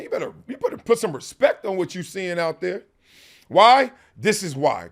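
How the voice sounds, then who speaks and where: A man's voice: high-pitched, fairly bright tone. A middle-aged man hosting a talk show, talking emphatically in slangy speech, laughing often and mocking others in put-on quotes. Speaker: host. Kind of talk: animated talk-show monologue.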